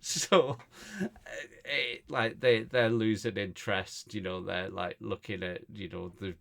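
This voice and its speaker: A man's voice: on the low side, fairly even intonation, measured pace, vocal fry, fairly bright tone. A man co-hosting a casual podcast, telling a meandering comedy anecdote full of restarts. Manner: meandering storyteller, many fillers and restarts. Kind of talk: casual chat, rambling anecdote.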